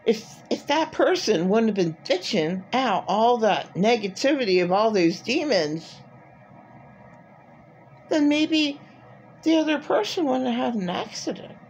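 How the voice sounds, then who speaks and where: A woman's voice: fairly high pitch, lively intonation, unhurried, darkish tone, slight background noise. A middle-aged woman talking in an agitated, rambling personal monologue full of filler words. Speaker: vlogger.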